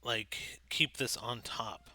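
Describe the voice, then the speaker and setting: A man's voice: mid-range voice, slow pace, pushed and bright. A man acting as game master on a livestream, chatting casually while sorting out his setup. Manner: laid-back, chatty, fiddling with the stream setup.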